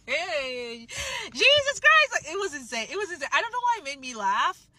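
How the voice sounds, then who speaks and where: A young woman with a bright, slightly high voice tells a story to camera. She talks in a lively, expressive way and swears now and then. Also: moderate pace, slight background noise. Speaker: salesperson.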